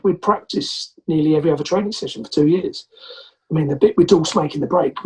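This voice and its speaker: A man's voice: fairly high pitch, husky, poor audio. A man from England, a podcast guest, telling an anecdote and acting out the voices of the people in it. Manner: animated, acts out quoted voices. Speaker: podcast guest, former rugby player. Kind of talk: anecdotal storytelling.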